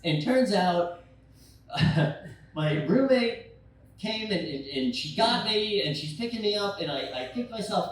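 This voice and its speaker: A young adult man telling a rambling, profane stand-up story, acting out scenes with sudden shouted quotes. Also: sits high, animated, a little slow. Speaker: stand-up comedian. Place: bar stage. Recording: echoey bar room from far off.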